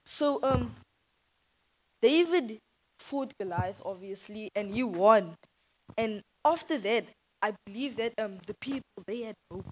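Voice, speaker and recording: Woman, slightly high pitch; youth speaker giving a casual, earnest church sermon. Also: expressive, unhurried, a little mellow, slight background noise, low-quality recording. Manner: earnest, conversational, hesitant. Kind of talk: informal sermon.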